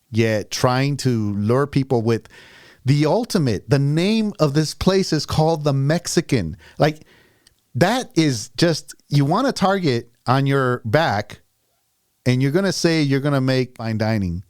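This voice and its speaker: A man in his forties hosts a casual podcast in a relaxed, joking tone, with a medium-pitched voice. He tells his stories loosely. The sound is dry and close to the mic. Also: a little slow, dry recording. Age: 40s. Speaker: podcast host.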